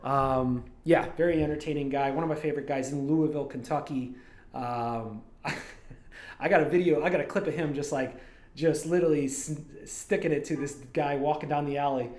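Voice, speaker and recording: A man from Toledo, Ohio, a streamer and animator, chats casually on his livestream, wandering from one story to the next in a rambling, digressive way. His voice is fairly high and steady with a darkish tone, at a moderate pace. The recording has a roomy echo.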